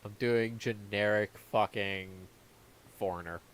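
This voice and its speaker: A man's voice: on the low side, fairly even intonation, a little slow. A man running a tabletop game as dungeon master, chatting casually after the session, swearing and laughing often. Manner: profane, laughing, quotes players in silly voices. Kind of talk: casual post-session chat.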